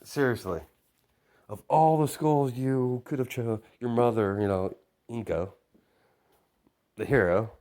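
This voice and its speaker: A man's voice: medium pitch, a little slow, pauses often, a little mellow, voice pushed up, lightly acted. A man voicing a tough, cocky teenage girl who talks bluntly with plenty of fillers.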